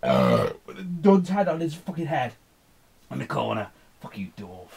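A man's voice: mid-range voice, huge pitch swings, moderate pace, vocal fry, a little mellow, husky. Rambling, cursing man ranting on a vlog. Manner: profane, rambling, slurring and mumbling. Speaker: vlogger. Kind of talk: drunken rambling vlog rant.

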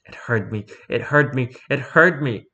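A man's voice: mid-range voice, measured pace, pushed and bright, dull audio. A man voicing a panicked male convict prisoner who pleads and begs. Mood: terrified. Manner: pleading, then frantic and screaming.

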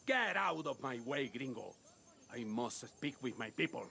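A man's voice: mid-range voice, expressive, measured pace, vocal fry, sharp tone, slight background noise, heavily acted. An actor playing a proud, defiant male Latin American rebel leader with a Latin American Spanish accent and an impassioned voice. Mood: indignant.

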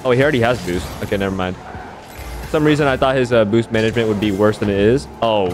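A young man giving casual, excitable commentary over his own gameplay, swearing and mocking himself, his voice leaping up high in hype moments. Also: fast. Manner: excitable, swears, self-mocking, voice leaps up high when hyped. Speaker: gaming YouTuber. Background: background beat music.

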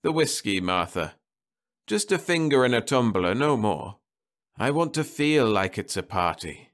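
A man's voice: mid-range voice, big pitch swings, unhurried, a bit bright, pitched above the performer's own voice. A man voicing a stubborn dying old spaceman who talks with sardonic defiance from his bed. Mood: insistent.

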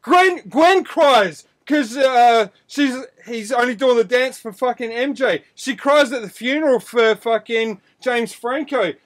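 A man co-hosting a podcast, arguing loudly and swearing in exasperation. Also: very high-pitched, a little slow, hardly any pauses. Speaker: podcast co-host. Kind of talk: heated casual argument.

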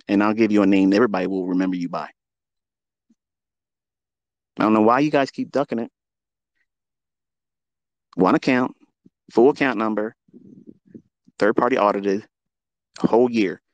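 A man's voice: fairly low pitch, normal speed, long pauses, no room sound, highs cut off. A man hosting a live audio room, ranting in a combative, taunting way with heavy swearing. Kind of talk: profane ranting monologue. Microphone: remote audio call.

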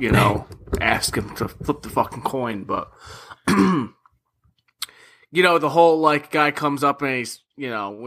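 A man's voice: medium pitch, pushed and bright. A man co-hosting a podcast, casually chatting about a film with sardonic, profane jokes. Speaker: podcast co-host. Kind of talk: casual film review chat.

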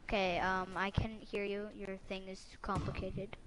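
A woman chatting and calling out moves while playing an online game, bubbly and excitable. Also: medium pitch, moderate pace, crowd noise, poor audio. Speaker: fellow gamer. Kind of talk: casual chat while gaming.

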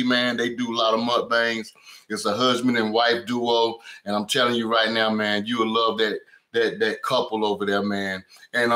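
The host of a home cooking live stream speaks in a pushed, bright, mid-range voice, chatting casually with his audience. He welcomes viewers by name and frequently says "you know what I'm saying," with the sound captured by a camera mic on a stand in an echoey room.

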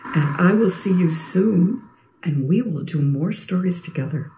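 A woman librarian talking gently and simply to young children at a storytime. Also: fairly low pitch, animated, measured pace, roomy sound, background noise.

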